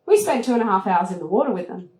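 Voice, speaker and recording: Female travel host telling a story live, lively and laughing, medium pitch, echoey room. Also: very fast. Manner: lively, laughs often, acts out moments with high squeals. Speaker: travel TV host giving a talk. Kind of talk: animated storytelling to an audience. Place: event room at a retreat. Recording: roomy echoing hall.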